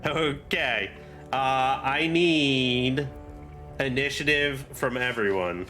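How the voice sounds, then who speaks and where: A man narrating as game master of a tabletop game, talking slowly with plenty of fillers. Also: mid-range voice, sharp tone, soft background music. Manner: slow, drawn-out narration with fillers.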